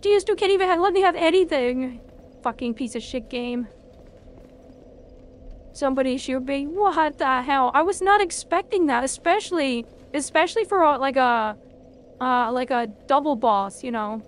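A woman streaming a video game, reacting loudly and swearing freely at each twist of the fight. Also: high-pitched, normal speed, a little hiss or hum. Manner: excitable, swears a lot, talks at the game. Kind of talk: live gameplay commentary.

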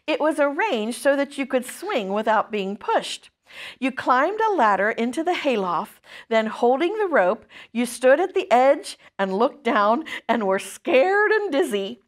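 A woman from a church children's ministry reading a chapter book aloud to children in an expressive way. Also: a little high.

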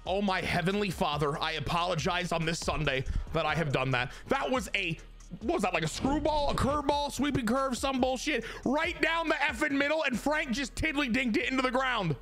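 A young man giving excitable live commentary on his own baseball video game, jumping from loud hype to muttered grumbles. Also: very high-pitched, a little fast, faint music behind. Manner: excitable, swings from hyped shouting to muttered grumbling. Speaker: gaming YouTuber.

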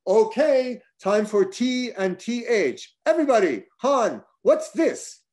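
A man voicing a boisterous male friend who drills English pronunciation like a camp counselor, loud and teasing. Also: very high voice, big pitch swings, slow, voice pushed up, exaggerated voice. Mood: bossy teasing.

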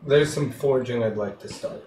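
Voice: mid-range voice, normal speed, warm tone. A player in a tabletop game chat, speaking in character. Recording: echoey distant mic with faint noise.

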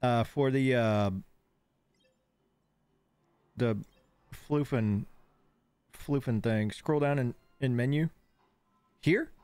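A man's voice: medium pitch, extremely slow, pauses often, a little mellow, smooth, dry recording, soft background music. A man streaming a game live, rambling and distracted, slightly lisping after dental work and on painkillers. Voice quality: slightly lisping from missing front teeth. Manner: rambling, easily distracted, giggly. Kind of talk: live gameplay commentary.

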